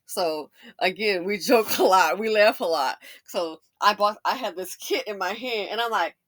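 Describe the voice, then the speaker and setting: A middle-aged woman hosting commentary, sassy and folksy, telling stories with lots of laughter. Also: moderate pace. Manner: animated, acts out quotes in a high excited voice, laughs often. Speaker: commentary channel host. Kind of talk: casual commentary and storytelling.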